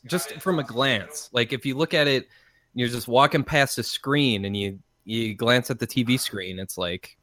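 Excitable man in casual podcast chat. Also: mid-range voice, dry recording, studio quality. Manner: excitable, animated, with many restarts. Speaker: podcast co-host.

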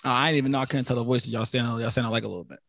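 A man hosting a casual podcast chat, slangy and rapid, often repeating himself. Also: mid-range voice, fairly even intonation, creaky, a bit bright, dry recording, studio quality. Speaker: podcast host.

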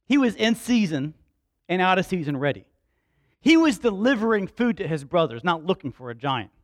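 A man preaches a sermon. He tells his story dramatically and acts out the dialogue. He raises his voice to shouts at the peaks. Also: high voice, sing-song, moderate pace, no echo.

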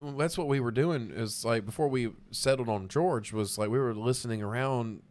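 A man's voice: mid-range voice, moderate pace. A man in his thirties, a band vocalist guest, chatting casually with lots of fillers and swearing. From United States. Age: 30s. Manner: relaxed, rambling, heavy on fillers and swearing. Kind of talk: casual podcast chat.

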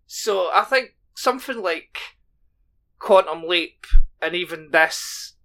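Male podcast co-host, crisp bright voice, dry banter, laughs easily. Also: high voice, animated, slow. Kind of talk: casual podcast chat.

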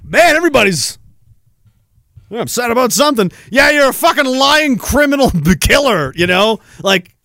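A man hosting a solo rant show, swearing, laughing and lurching between shouted outbursts and low mumbles. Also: big pitch swings, moderate pace, no echo, studio quality. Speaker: podcast host. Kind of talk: ranting solo monologue.

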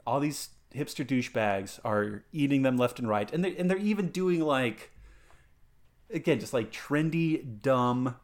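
A man's voice: mid-range voice, animated, unhurried. A man ranting in casual chat as a podcast co-host, stammering through restarts and mocking people in put-on voices.

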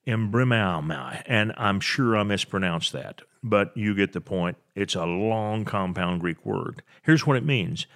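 An older man preaching a sermon, reading scripture aloud and explaining it in an earnest, plain way, with halting restarts. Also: fairly low pitch, a bit bright.

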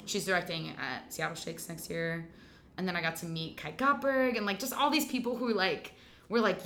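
A woman theater actor, a guest in a casual podcast conversation, telling a story in a chatty, animated way with lots of fillers. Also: on the low side, moderate pace.

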